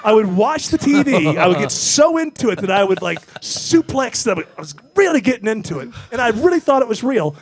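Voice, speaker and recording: A man, hosting a talk show and telling animated, self-mocking stories. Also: very high voice, fairly quick, hardly any pauses, slightly rough. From Memphis, US South. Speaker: radio show host. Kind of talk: casual talk show banter.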